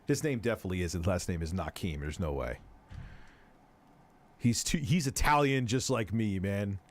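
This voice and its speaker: A man's voice: on the low side, expressive, normal speed. A man hosting a casual livestream commentary, rambling, cursing freely and often cutting himself off mid-sentence. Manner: rambling, profane, self-interrupting. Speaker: host.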